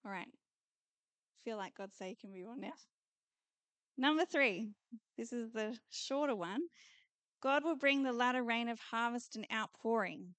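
Earnest higher-voiced woman preaching. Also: unhurried, long pauses, fairly bright tone, no echo. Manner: earnest, repetitive declarations. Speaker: conference speaker. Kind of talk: prophetic preaching.

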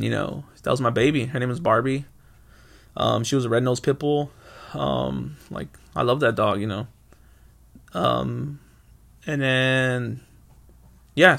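A young man with a gravelly, creaky voice at an ordinary middle pitch, hosting his own podcast. He rambles through casual stories, swearing and stopping to correct himself. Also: a bit bright. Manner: rambling, loose and profane, many fillers and self-corrections. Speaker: podcast host. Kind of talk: casual solo storytelling.

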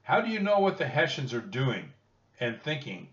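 Stern suspicious army major played by a man, shouting orders over noise, dull distant sound. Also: medium pitch, very animated, normal speed, roomy sound, pitched above the performer's own voice.

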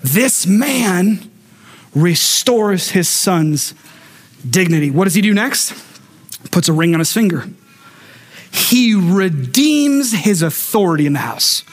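A man preaching a sermon in a noticeably high voice for a man. He tells lively stories, throws in humorous asides to the congregation, and acts out the people he quotes. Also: takes it slowly, long pauses. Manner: animated storyteller acting out quoted voices. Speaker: pastor.

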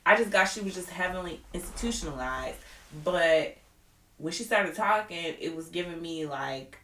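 A woman's voice: lowish voice, moderate pace, reverberant, slight background noise. A woman co-hosting a podcast, chatting casually and with strong opinions. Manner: animated, opinionated, quotes others. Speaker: podcast co-host. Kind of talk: casual chat.

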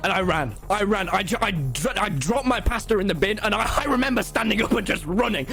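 Animated young guy telling a story. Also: a little fast, faint music behind. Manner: excitable, dramatic storyteller with big pitch swings. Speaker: gaming streamer. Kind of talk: storytelling during a gaming live stream.

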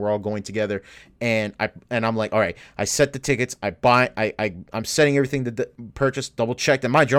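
A man co-hosting a podcast, telling a story in casual chat, swearing a lot and getting worked up in bursts. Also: mid-range voice. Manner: profane, animated, rants in bursts. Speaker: podcast co-host.

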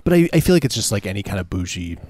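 A man chatting casually as a co-host, dropping dry deadpan quips. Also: lowish voice, very fast, no room sound. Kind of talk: casual comedic chat.

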